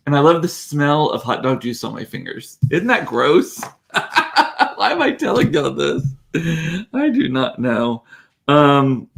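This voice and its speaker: A man's voice: a little high, vocal fry, a bit bright. A middle-aged man, hosting a rambling, casual chat. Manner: rambling, chatty, self-amused. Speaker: show host. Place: warm room with door closed.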